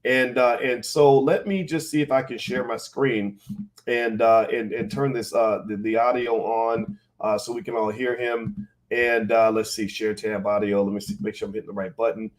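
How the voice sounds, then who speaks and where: A man's voice: medium pitch, flat delivery, moderate pace. A middle-aged man hosting a live-streamed podcast, chatting casually and speaking straight to his viewers with frequent fillers.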